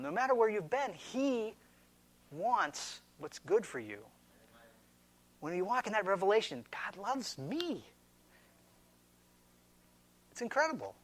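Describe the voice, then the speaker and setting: A middle-aged male pastor delivering a sermon in a slightly higher voice. He speaks earnestly and with emphasis, and at times his voice sinks into gentle, quiet reassurance.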